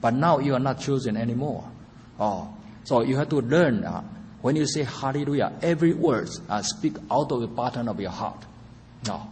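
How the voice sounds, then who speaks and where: A man preaching a sermon in a slow, halting way, filling pauses with "uh" and using non-native grammar. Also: medium pitch, animated, a little mellow. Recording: reverberant hall with faint ambient noise.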